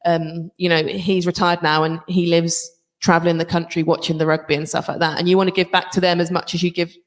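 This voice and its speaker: A woman's voice: lowish voice, level tone, fairly quick. A woman rugby player and coach answering panel questions in a chatty way, with many fillers and restarts.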